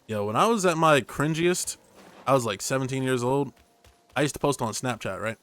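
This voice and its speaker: Rambling young male streamer, bright voice. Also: mid-range voice, moderate pace. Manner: rambling, jokey, tangent-prone. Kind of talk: casual gaming commentary. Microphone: streaming microphone.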